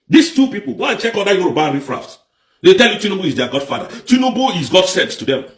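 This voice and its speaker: A man with a Nigerian accent giving a heated, emphatic political rant on a livestream, repeating points and breaking into shouts. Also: high-pitched, very animated, fast, reverberant. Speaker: livestream commentator.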